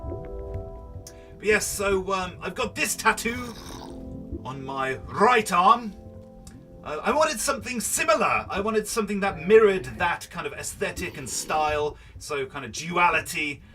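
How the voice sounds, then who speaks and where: A chatty man in his early thirties rambles through let's play commentary in a high, bouncy voice. He sounds a little distant from the mic, and background music plays under his talk. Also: lively intonation, unhurried, bright, forceful tone. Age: early 30s. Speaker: gaming host.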